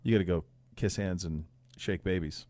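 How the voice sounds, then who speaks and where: A man's voice: deep voice, steady tone, moderate pace, a little mellow. A man hosting a sports podcast, chatting casually and rambling through his points.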